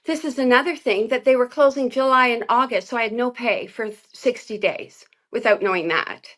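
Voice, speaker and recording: A woman giving an emotional personal testimony as an interview guest, talking earnestly and haltingly with many fillers. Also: on the high side, a bit bright.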